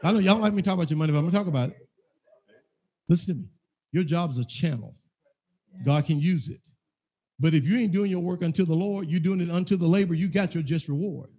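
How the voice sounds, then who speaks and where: A man preaching a sermon, telling a personal story in a loose conversational way that keeps rising into loud, emphatic preaching in a church. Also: fairly high pitch, fast talker, long pauses. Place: church sanctuary.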